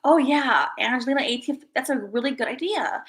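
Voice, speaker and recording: Bubbly high-voiced woman streamer. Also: a little fast. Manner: bubbly, excitable, talks to viewers as guys. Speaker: livestream host. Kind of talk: casual livestream chat.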